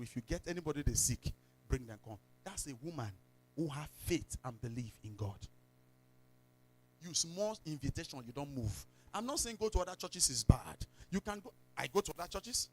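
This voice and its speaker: A man with a Nigerian accent preaching a sermon in church, telling stories, slipping into pidgin and breaking into sudden shouts. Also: mid-range voice, lively intonation, normal speed. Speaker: pastor.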